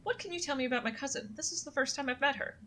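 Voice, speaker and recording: Here a young woman talks very fast in a high, sharp-toned voice while streaming a story game. She's chatty, reads the game text in second person, and leans on fillers such as uh and um. It's relaxed let's-play commentary mixed with narration read aloud.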